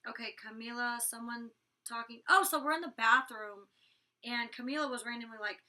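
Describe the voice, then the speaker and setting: Bright-voiced young woman in a chatty recap. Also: on the high side, far from the mic. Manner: chatty, fast storytelling full of "like" fillers; blunt, swears freely. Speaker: reality show cast member reviewing an episode. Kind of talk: casual episode recap.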